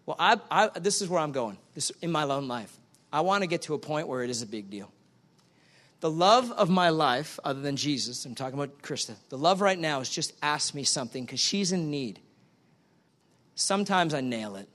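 A middle-aged male pastor preaching a sermon, animated and acting out both sides of little dialogues. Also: high voice, moderate pace, pauses often.

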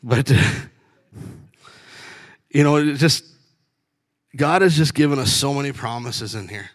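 A man's voice: mid-range voice, slow. A middle-aged man with a blunt, laughing storytelling manner, giving a casual faith testimony about life as a truck driver. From Canada.

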